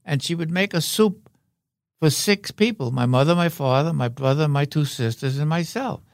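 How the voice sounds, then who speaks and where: A man's voice: fairly high pitch, normal speed, vocal fry, no echo, studio quality. Older man, wry, rambling storyteller. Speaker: guest, veteran actor. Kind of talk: anecdotal interview talk.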